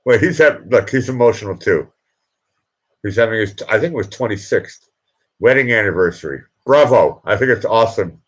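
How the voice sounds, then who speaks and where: A man hosting a late-night live stream, emotional and teary, talking in halting, rambling bursts. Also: fairly low pitch, expressive, husky. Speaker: livestream host.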